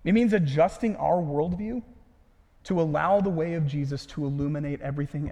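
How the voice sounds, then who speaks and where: High-voiced preacher in a reverberant hall. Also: male voice, a little fast. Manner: earnest, drops to a hush at phrase ends. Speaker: pastor. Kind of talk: sermon.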